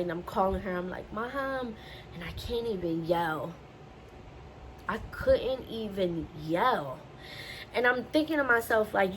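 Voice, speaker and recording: A woman's voice: mid-range voice, a little hiss or hum, rough recording. Woman vlogger telling a personal story. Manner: emotional, repetitive retelling.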